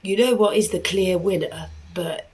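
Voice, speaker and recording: A woman's voice: lowish voice, moderate pace, darkish tone, rough recording. A British woman hosting a podcast, reacting to a clip in blunt, crude, chatty talk full of swearing. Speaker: podcast host. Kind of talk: crude casual reaction commentary.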